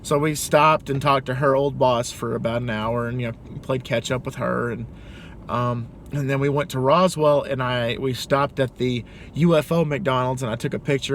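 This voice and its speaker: A man's voice: medium pitch, a little hiss or hum. A young man telling a story in a casual, rambling, playful way, with many restarts. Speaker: vlogger.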